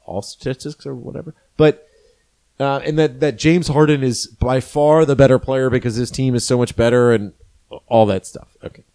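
A man's voice: medium pitch, steady tone, moderate pace, dark tone, clean tone. A man co-hosting a casual sports podcast, earnest and strongly opinionated. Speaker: podcast co-host. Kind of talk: casual chat.

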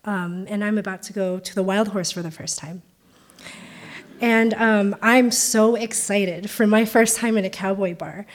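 A woman's voice: mid-range voice, steady tone, a little slow. A woman in her late twenties with a Californian accent, telling a personal story in a conversational way with frequent ums. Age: 20s.

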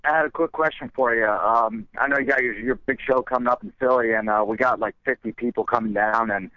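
A man's voice: mid-range voice, fairly even intonation, brisk, sharp tone, no echo. A male caller phoning in with a question, laid-back and slangy. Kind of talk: casual phone-in. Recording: dry, dull lo-fi call.

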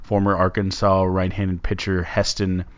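A man hosting a casual sports podcast, talking in a rambling, halting way. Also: sits low, completely flat delivery. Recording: dull lo-fi sound.

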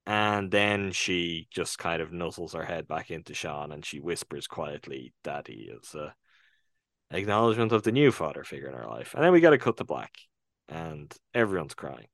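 Give me an Irish man with a very low, deep voice, retelling a film on a casual podcast in an earnest, thoughtful way with small hesitations. The sound is close and dry, with no room around it. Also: animated, moderate pace, dry recording. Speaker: podcast co-host reviewing films. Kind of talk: casual conversational film review.

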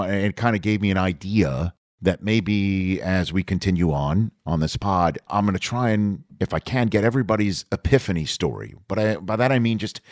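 A man in his fifties hosts a podcast and talks through a personal story in a low voice. He is relaxed and rambling, with small restarts. The sound is dry and close. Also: no room sound. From Staten Island, New York. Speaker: podcast host.

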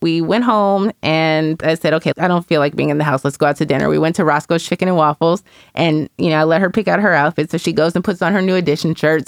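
A woman's voice: low voice, no echo, clean studio sound. A woman in casual conversation, candidly and reflectively telling a personal story as a mother, with lots of "you know".

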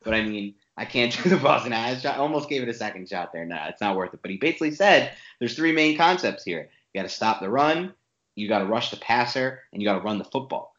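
Opinionated man in an echoey room. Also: medium pitch. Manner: animated, opinionated, rapid-fire argument. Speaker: podcast co-host. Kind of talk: sports podcast analysis. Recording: echoey room, dull lo-fi sound.

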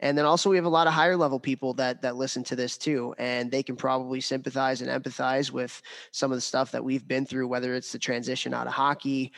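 Gravelly-voiced male podcast host. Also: medium pitch, level tone, fast talker, fairly bright tone. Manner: rambling, many fillers and restarts. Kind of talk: casual podcast talk.

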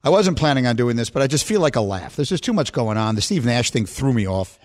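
A middle-aged man hosting a sports talk show, telling a story with lively quoted voices. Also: fast. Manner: animated storyteller, voice jumps high when quoting. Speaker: sports radio host.

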